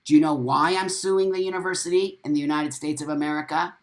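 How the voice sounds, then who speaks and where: A man's voice: fairly high pitch, fairly even intonation, fast talker. Guy ranting on a live stream, swears a ton, defiant, hammers the same lines over and over. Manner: profane, emphatic ranting; defiant and forceful. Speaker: host.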